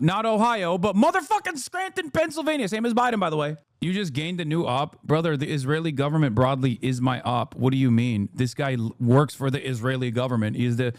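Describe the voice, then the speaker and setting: Male streamer, sarcastic and profane, higher voice, dry close sound. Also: dry recording. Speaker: streamer commentator. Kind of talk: reacting to a news clip.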